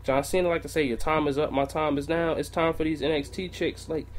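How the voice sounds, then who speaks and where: A man's voice: a little high, steady tone, a little fast. A man co-hosting a wrestling podcast, ranting in a heated, profane way. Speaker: podcast co-host. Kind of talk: casual wrestling podcast rant.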